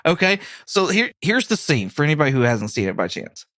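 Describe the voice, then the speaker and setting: A man's voice: fairly high pitch, big pitch swings, fairly quick, a bit bright, dry recording, studio quality. A man co-hosting a podcast, casually recapping a TV episode in a rambling way, with frequent "like" and laughter. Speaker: podcast co-host. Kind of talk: casual chat reviewing a TV episode.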